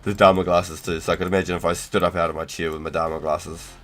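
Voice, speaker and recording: A man hosting a casual game livestream, talking in a relaxed, slangy way to chat and swearing freely. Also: low voice, quick pace, soft background music. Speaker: livestream host.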